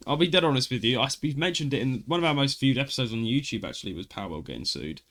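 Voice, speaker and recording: A man's voice: mid-range voice, lively intonation, very fast, few pauses, fairly bright tone. A man co-hosting a podcast, chatting casually and talking over his co-host. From United Kingdom. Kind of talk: casual chat.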